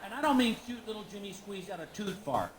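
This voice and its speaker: A middle-aged man telling a stand-up comedy story on a live stage, animated and acting out the people he quotes. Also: fast talker. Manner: animated, acts out quoted people, leaps high when exclaiming. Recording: roomy live venue with audience noise.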